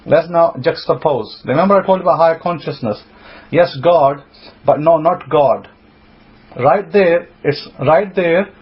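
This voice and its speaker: A man's voice: fairly high pitch, lo-fi sound. A man teaching scripture, reading verses aloud and explaining them as he thinks aloud. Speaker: rabbi.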